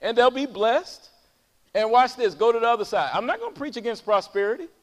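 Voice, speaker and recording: Man preaching to his congregation, real high voice, long church echo. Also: expressive, a little fast. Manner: call-and-response preaching, swings from loud high calls to low talk. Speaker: pastor. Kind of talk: sermon. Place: church sanctuary.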